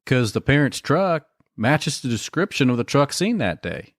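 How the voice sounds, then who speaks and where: A man's voice: medium pitch, very animated, normal speed, dry recording, studio quality. A man co-hosting a true-crime podcast, adding wry, sarcastic quips and short agreements in casual banter. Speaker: podcast co-host.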